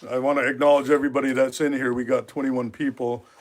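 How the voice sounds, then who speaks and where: A man in his fifties from Alaska, hosting a livestream from his knife workshop. He tells his stories casually and meanders, with lots of filler words. His voice sits at an ordinary pitch for a man. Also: flat delivery, fast. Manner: rambling, with frequent filler words. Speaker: livestream host. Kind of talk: casual storytelling.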